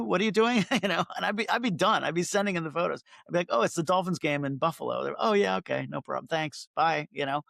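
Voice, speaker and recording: A man's voice: fairly high pitch, vocal fry, fairly bright tone, no echo. A middle-aged man, a photographer, telling stories in a casual interview, chatty and self-interrupting, acting out quoted dialogue.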